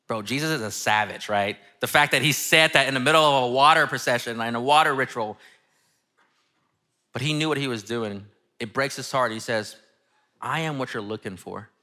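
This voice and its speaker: A man giving a relaxed, slangy, enthusiastic sermon, reading scripture and explaining it to his church. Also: medium pitch. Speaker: pastor.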